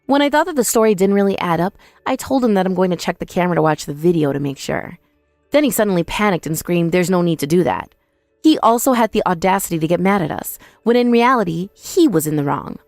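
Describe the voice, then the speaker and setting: A woman's voice: lowish voice, animated, quick pace, a little mellow, no echo, clean studio sound, soft background music. Indignant young woman narrating a confrontation. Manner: indignant, accusing, scornful. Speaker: narrator and protagonist. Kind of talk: first-person dramatized story narration.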